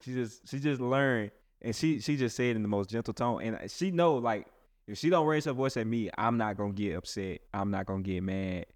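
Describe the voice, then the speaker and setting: A low-pitched man, a pastor, talks loosely and earnestly in casual chat, circling back and restarting his sentences. His voice is close and dry, with no room sound at all. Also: moderate pace, no room sound. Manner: rambling, many restarts and "like"s. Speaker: pastor and host.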